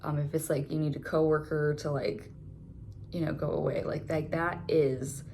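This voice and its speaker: A woman's voice: low voice, level tone, moderate pace, a little mellow, slight background noise. A woman giving a casual tarot reading, chatty and full of filler words. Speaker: tarot reader.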